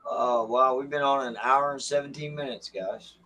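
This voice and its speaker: A man's voice: mid-range voice, steady tone, normal speed, sharp tone, poor audio. A laid-back man hosting a casual chat.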